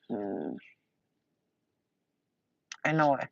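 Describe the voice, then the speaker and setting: A woman's voice: low voice, moderate pace, no echo. A young woman giving a casual intuitive reading, rambling and emotional, swearing and laughing often. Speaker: spiritual channeler. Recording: dull lo-fi dry sound.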